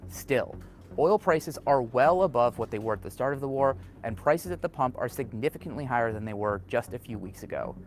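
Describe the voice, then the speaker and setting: A man reading scripted news narration in a steady, informative way. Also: mid-range voice, brisk, soft background music.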